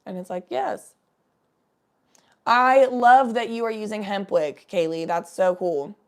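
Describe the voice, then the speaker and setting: Her medium-pitched voice stays steady and slow as this young livestream host chats casually with viewers. She rambles in a relaxed way and curses freely.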